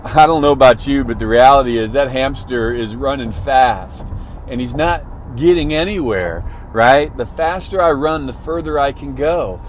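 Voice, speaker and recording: A man's voice: medium pitch, normal speed, slight background noise. A man giving a motivational talk in a conversational way, often checking in with "right?" and restarting his phrases. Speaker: motivational speaker.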